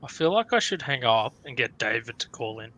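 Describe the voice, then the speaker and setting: A man's voice: mid-range voice, big pitch swings, a little fast, sharp tone, no echo. A man with an Australian accent co-hosting a live tech stream, teasing and joking in between answers. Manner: teasing, jokey, laughing. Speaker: tech support co-host.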